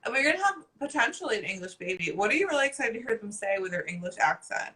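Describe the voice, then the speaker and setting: A woman's voice: medium pitch, big pitch swings, racing, bright, forceful tone, slight background noise, poor audio. A woman hosting a casual chat, gushing and playful, swearing freely. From New Jersey. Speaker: host.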